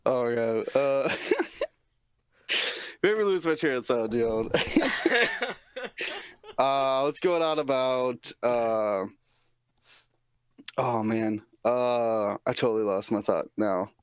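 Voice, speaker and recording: A man co-hosting a casual podcast, halting and searching for words. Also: mid-range voice, smooth, no echo, studio quality. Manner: slow, halting, loses his train of thought. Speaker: podcast co-host.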